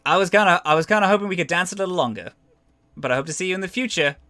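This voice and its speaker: A man's voice: sits high, expressive, racing, bright, forceful tone, pitched above the performer's own voice. A man doing a cocky, flirty skater pilot. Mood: teasing.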